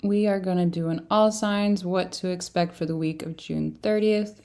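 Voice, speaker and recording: A woman with a somewhat low voice talks through a casual livestream tarot reading. She sounds tired and chats in a loose, rambling way, often breaking into laughs. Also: steady tone, moderate pace, a little mellow. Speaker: tarot reader.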